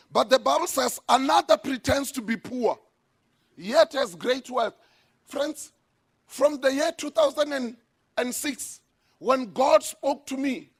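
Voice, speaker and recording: A man preaching a sermon as a pastor in a church, emphatic, with sudden shouted lines. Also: extremely high pitch, slightly rough.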